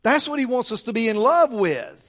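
A man's voice: very high-pitched, animated, normal speed, fairly bright tone. A male pastor preaching a sermon in a church, emphatic and repetitive, often restarting his sentences. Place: church sanctuary. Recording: long church reverb.

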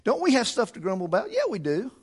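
A man's voice: high voice, huge pitch swings, quick pace, slightly rough. A man preaching a sermon in a church, building his points through fervent repetition. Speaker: pastor. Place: church sanctuary.

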